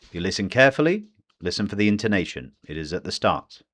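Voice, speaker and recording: Man, British accent, very low voice, English lesson, repeats phrases slowly and carefully. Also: sing-song. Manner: slow, deliberate modelling of phrases. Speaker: English teacher. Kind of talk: pronunciation lesson.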